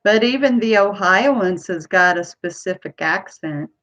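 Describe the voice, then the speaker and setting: A woman's voice: medium pitch, animated, unhurried, a bit bright. A woman from Ohio with a Kentucky accent, chatting to camera in a rambling way as a vlogger. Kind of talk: casual chat to camera.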